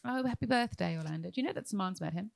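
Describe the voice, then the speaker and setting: A woman co-hosting a podcast in a loose, joking chat. Her pitch swings widely as she teases and laughs often. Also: lively intonation, very fast, creaky. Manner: playful, teasing, laughs often. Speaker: podcast co-host. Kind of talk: casual chat.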